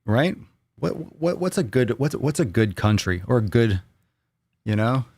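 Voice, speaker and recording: A man's voice: medium pitch, big pitch swings, unhurried, darkish tone, husky, no echo. An American man hosting a casual live Q&A, rambling and joking with his viewers, often repeating himself. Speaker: livestream host.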